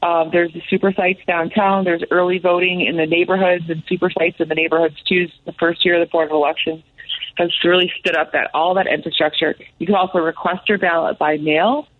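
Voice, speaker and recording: A woman's voice: lowish voice, flat delivery, brisk, phone-quality sound. A woman guest on a talk show, speaking emphatically and repeating lines for rhythm. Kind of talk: impassioned talk show discussion.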